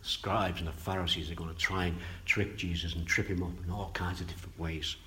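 A man preaching a sermon, swinging between loud emphatic bursts and quiet low asides, and stretching out key phrases. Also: flat delivery, a little fast, a little hiss or hum.

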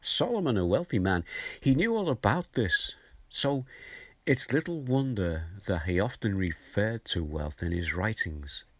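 An older man giving a gentle, conversational morning devotional as a preacher, reading and explaining a scripture verse. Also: fairly low pitch, big pitch swings, unhurried, no echo. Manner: gentle, conversational, chuckles now and then.

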